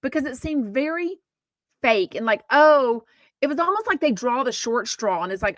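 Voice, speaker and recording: A woman's voice: high-pitched, expressive, normal speed, a bit bright, dry recording. Blunt, chatty woman podcaster. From Texas. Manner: blunt, chatty and opinionated, with frequent swearing. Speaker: podcast host. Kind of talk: casual gossip commentary.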